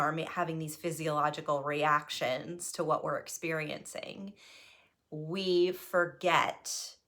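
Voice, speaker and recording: A woman who improvises and performs solo shows, telling a personal story in a chatty, animated way and often tagging thoughts with "right?". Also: fairly low pitch. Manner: chatty, keeps asking "right?" between thoughts; animated, voice jumps when reliving nerves.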